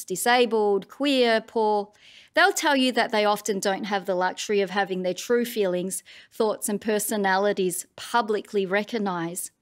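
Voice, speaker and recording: Australian woman giving a wry address. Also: mid-range voice. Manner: wry, conversational, pointed. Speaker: writer giving an annual address. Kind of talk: public address.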